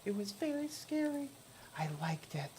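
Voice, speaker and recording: A man's voice: very animated, slight background noise. A man doing a dreamy, listless young woman hitchhiker. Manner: high, breathy, distant falsetto; soft, slow and absent-minded.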